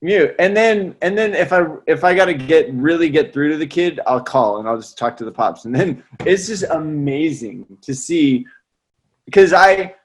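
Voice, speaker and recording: A man with a fairly high speaking voice tells stories in an easygoing chat. He is lively and slangy and keeps dropping "man" into his sentences, in the relaxed manner of a music teacher talking with a friend. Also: moderate pace, husky. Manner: animated, slangy, peppers lines with "man". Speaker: music teacher and salsa trumpet player. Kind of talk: casual storytelling chat.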